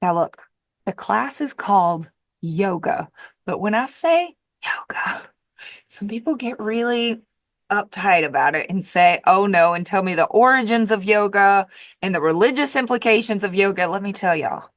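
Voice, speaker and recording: A woman's voice: medium pitch, expressive, moderate pace, dry recording, clean studio sound. A woman diet coach giving a casual motivational monologue, emphatic and repetitive, with the occasional swear word.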